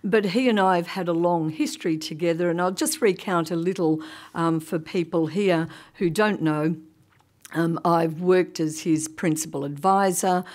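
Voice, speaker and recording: A lower-pitched woman speaks at a conference podium in a relaxed, chatty way. She pads her sentences with ums and breaks into laughter often. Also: normal speed. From Australia. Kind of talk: conference talk, anecdotal. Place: conference hall.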